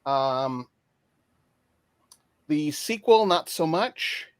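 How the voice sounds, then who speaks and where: A man from Canada chatting casually as a guest on an online panel. His voice sits a little high, and he keeps stopping and restarting his sentences with lots of fillers. The sound is dry and close, with no room echo. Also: animated, extremely slow, clear, resonant tone. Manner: hesitant, many fillers and restarts. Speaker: guest picking favorite films.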